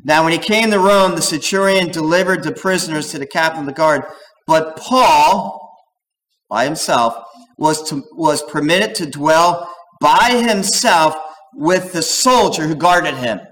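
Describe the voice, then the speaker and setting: A man preaching a sermon as pastor, talking in an animated, digressive way and acting out quoted voices. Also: a little high, unhurried, low-quality recording. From United States.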